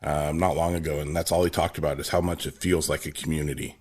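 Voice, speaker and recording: A man with a very deep voice hosts a podcast. He talks in a relaxed, easy way, with the odd um between his thoughts. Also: quick pace. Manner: relaxed, conversational, with filler ums. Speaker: podcast host. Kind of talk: casual interview conversation.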